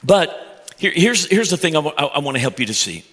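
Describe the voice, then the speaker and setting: A middle-aged male pastor gives a sermon with a bright, forceful voice. He preaches with passion, climbing to loud high peaks and then dropping to soft, low stretches, and he often repeats words as he builds. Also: a little fast, a faint crowd. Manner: passionate, with sudden loud rises and soft drops; repeats words when excited.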